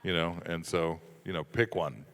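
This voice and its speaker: A man's voice: sits low, steady tone, normal speed, fairly bright tone. A man speaking as a panelist at a convention, talking loosely and casually with lots of fillers. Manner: loose, joking, lots of fillers like "you know" and "uh". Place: large convention hall. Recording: echoey convention hall.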